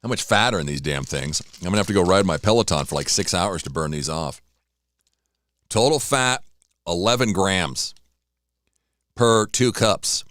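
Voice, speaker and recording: Low-voiced chatty radio host, dry sound. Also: male voice, expressive, normal speed, pauses often, a bit bright, no room sound. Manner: rambling, chatty, talks while eating. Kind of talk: casual solo radio talk.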